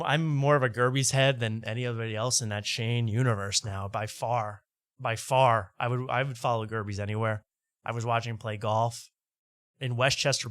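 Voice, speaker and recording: A man's voice: mid-range voice, a bit bright, no echo. A man hosting a podcast, chatting casually and joking while reacting to old clips. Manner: loose, joking commentary. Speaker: podcast host.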